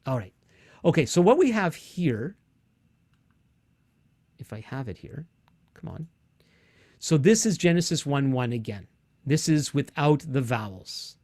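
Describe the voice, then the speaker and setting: A man's voice: mid-range voice, sing-song, a little slow, long pauses, a little mellow, no echo. A man teaching a Bible course online, explaining words patiently and often restarting his sentences. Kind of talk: online lecture with screen share.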